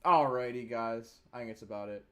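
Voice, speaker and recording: A man's voice: mid-range voice, brisk, pushed and bright. A young man from Chicago co-hosting a live stream, teasing the chat in a casual, joking way. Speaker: stream co-host.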